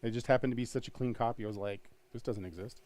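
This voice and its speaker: A man's voice: medium pitch, quick pace, a little mellow. A man co-hosting a comic shop live-stream sale, teasing his partner and rattling off prices and book conditions in casual patter.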